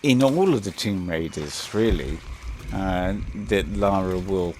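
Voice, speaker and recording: A man's voice: sits low, expressive, slow, darkish tone, a little hiss or hum. A man giving casual, rambling gameplay commentary, hesitant and full of fillers.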